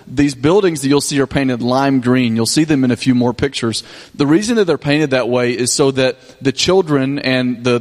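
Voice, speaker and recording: Man, pastor, casual storytelling, halting restarts, reverberant church hall. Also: mid-range voice. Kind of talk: mission trip report to a congregation.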